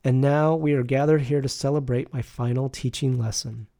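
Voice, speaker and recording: A man voicing a serene gentle spiritual teacher. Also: mid-range voice, steady tone, creaky, dry recording, clean studio sound, lightly acted. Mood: serene, preaching. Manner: slow, tender, preaching.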